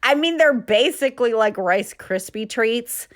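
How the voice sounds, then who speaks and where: A woman's voice: a little high, animated, a little slow. A woman vlogger and mom, telling stories in a casual, chatty way while doing chores in her home kitchen, often laughing mid-sentence.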